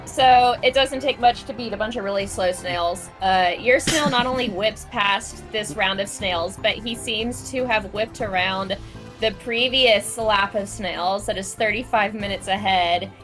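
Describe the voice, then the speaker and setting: A woman's voice: mid-range voice, a little slow, over music. A woman narrating as game master in a loose, giggly way, full of "like" fillers.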